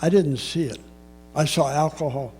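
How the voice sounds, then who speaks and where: Older guy telling his story at a talk, slow and thoughtful, dry little asides, voice a bit on the high side. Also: darkish tone, soft background music. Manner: measured and reflective, with dry asides. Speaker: public speaker.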